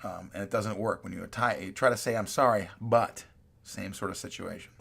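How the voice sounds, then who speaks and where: A man delivers a recorded college lecture in a relaxed, conversational manner. His voice sits a little low and has a gravelly fry to it. He reads quoted examples aloud and keeps checking in with his listeners. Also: normal speed.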